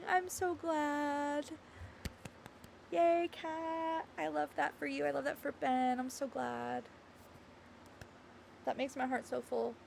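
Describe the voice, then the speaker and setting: A woman's voice: sits high, level tone, takes it slowly, creaky, pauses often, slight background noise. A woman game streamer chatting casually with her viewers in a bubbly, giggly, gushing way.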